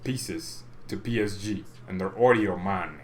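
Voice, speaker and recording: On a football fan channel, a young man with a low-pitched voice rants casually at a measured pace. His delivery is animated and mock-threatening, broken up by little chuckles.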